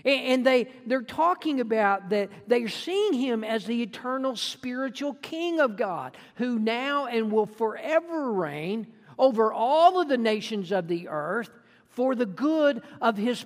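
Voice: mid-range voice, lively intonation, unhurried. A preacher delivering a sermon in an earnest, emphatic way, often restarting phrases as the points build. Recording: long reverb in a large hall.

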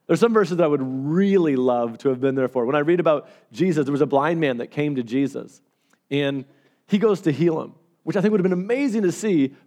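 A man preaching a sermon as pastor, telling stories with animated swings between loud and hushed delivery. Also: fairly high pitch, fairly quick.

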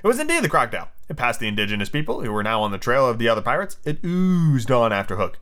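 Lively male podcast host reading aloud. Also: medium pitch, fast talker, hardly any pauses. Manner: animated, chatty, reacting loudly to the story. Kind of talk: casual podcast chat and read-aloud of a children's novel.

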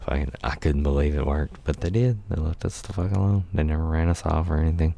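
A middle-aged man with an extremely deep, dark voice tells a rambling personal story, swearing freely and chuckling as he goes. He drops into short acted-out quotes of other people. The sound is close and dry, with no room around it. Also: fast talker, vocal fry, hardly any pauses, no echo. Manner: profane, laid-back, laughs often, acts out quotes. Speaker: podcast host telling life stories. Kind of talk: casual storytelling monologue.

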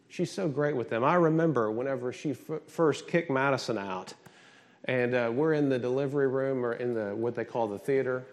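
Middle-aged male pastor, slightly high voice, energetic preaching with rhetorical questions. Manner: emphatic, animated preaching with call-and-response questions. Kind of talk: sermon.

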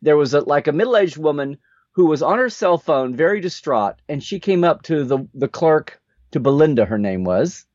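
A man's voice: on the high side, normal speed, no room sound. A man co-hosting a podcast, telling a story in casual chat and acting out the people in it. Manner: animated storyteller who acts out the people in his stories. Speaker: podcast co-host. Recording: dull dry lo-fi sound.

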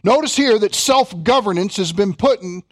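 High-voiced Kentucky preacher. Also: male voice, expressive, fairly bright tone. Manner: reads scripture slowly, then preaches with humor and asides. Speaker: pastor. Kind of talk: sermon.

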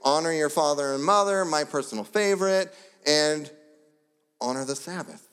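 A pastor delivering a sermon, telling the story with lively asides and brief voiced characters. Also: male voice, on the high side, normal speed, clear, resonant tone. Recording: long hall reverb.

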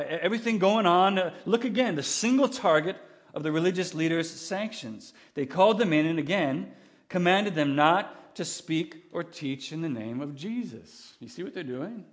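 Man, pastor, sermon, conversational, animated, somewhat high voice. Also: moderate pace. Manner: animated, acts out quoted voices with big pitch swings; earnest, conversational preaching with frequent restarts.

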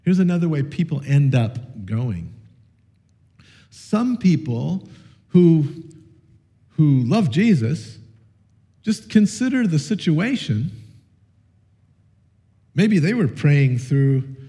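Animated man preaching a casual sermon. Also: on the high side, slow pace, pauses often. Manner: animated, storytelling with audience participation; conversational with frequent fillers and restarts. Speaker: pastor.

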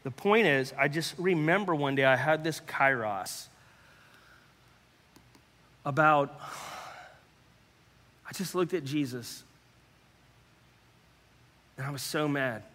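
Earnest pastor with a bright voice. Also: male voice, a little high. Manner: earnest, halting, repeats words, drops to hushed tones. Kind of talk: personal testimony sermon. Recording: long hall reverb.

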